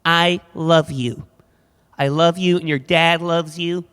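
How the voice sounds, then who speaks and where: A man's voice: a little high, steady tone, slow, a bit bright, clean tone. A man voicing an earnest, gushing American parent talking to his kids, with an American accent. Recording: hall reverb from a club stage.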